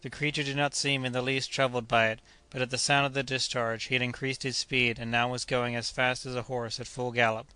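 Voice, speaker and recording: A man narrating an adventure novel as an audiobook, reading steadily and raising his voice for the characters' shouts. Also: medium pitch, flat delivery, a little fast, hardly any pauses, clean tone, dry recording. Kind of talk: scripted narration.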